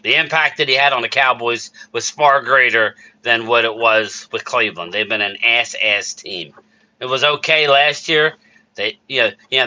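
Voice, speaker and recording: A man's voice: mid-range voice, sharp tone, muffled recording. A man hosting a casual live stream about sports, ranting in a heated, worked-up way and answering chat messages. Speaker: streamer host reading chat.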